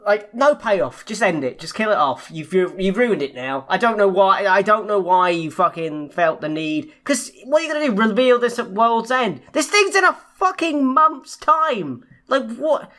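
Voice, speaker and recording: A woman's voice: medium pitch, sing-song, moderate pace, hardly any pauses, fairly bright tone. A young woman co-hosting a casual podcast chat, ranting in exasperation and swearing often. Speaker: podcast co-host.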